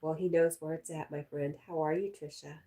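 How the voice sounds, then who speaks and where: A woman's voice: deep voice, fairly even intonation, a little fast, dark tone. A woman hosting a casual live stream, reading viewer comments aloud and chatting with a laugh.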